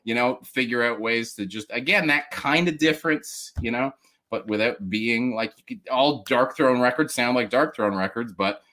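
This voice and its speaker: A man's voice: mid-range voice, normal speed, bright, forceful tone. A man chatting casually as a podcast guest, rambling with many restarts, laughing often and acting out what other people said. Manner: acts out quoted people in mock voices. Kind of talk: casual chat.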